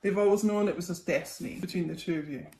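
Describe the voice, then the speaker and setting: A young woman who reads tarot speaks fast in a fairly low, mellow voice. She chats casually through a psychic reading, using lots of ums and okays, in an echoey room with faint noise.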